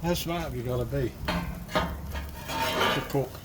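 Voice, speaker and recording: A man's voice: medium pitch, slow pace, heavy background noise. A man chatting casually as he cooks and eats on camera, self-mocking and talking with his mouth full. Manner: chatty, self-mocking, talks while eating. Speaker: cooking vlogger. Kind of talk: casual cooking vlog chat.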